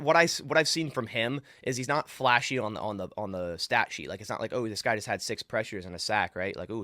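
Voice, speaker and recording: A man talking football casually as a guest fan on a podcast, animated and full of restarts. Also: fairly low pitch, no room sound, clean studio sound. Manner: animated, lots of restarts and fillers. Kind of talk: casual sports podcast chat.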